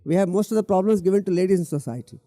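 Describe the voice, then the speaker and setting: Middle-aged guy giving a stage talk, higher voice, dark mellow tone, dry sound. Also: very fast, no room sound. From India. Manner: earnest, emphatic, repeats key words, addresses the audience directly. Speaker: speaker at a public talk event.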